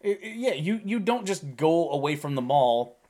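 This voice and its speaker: A man co-hosting a podcast in casual chat, talking in halting bursts with frequent restarts. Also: fairly high pitch, big pitch swings, a little mellow. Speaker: podcast co-host.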